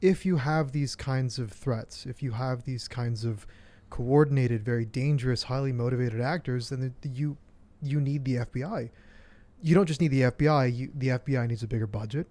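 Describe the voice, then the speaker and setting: Guest guy on a talk show, dry sarcastic delivery, medium pitch voice. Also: mellow. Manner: dry and sarcastic, measured argument. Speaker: guest commentator. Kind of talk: political commentary in a talk show.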